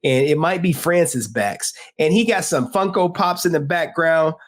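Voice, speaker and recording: A man's voice: a little high, normal speed. Slangy, joking livestream host, a man. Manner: loose, joking, talks straight to chat with slang. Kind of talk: casual livestream chat.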